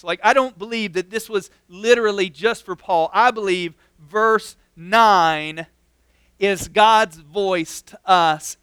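A young man preaching a relaxed, chatty sermon as a pastor, filling his talk with "like". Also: sits high, smooth, dry recording. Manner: casual, constantly says "like". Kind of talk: conversational sermon.

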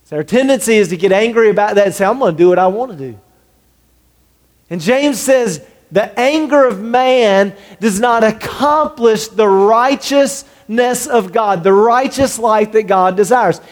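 A male pastor delivering a sermon in an earnest voice that sits high for a man. He acts out the quoted lines of the people he talks about, and his voice carries a long reverb from the big room. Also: unhurried, hardly any pauses.

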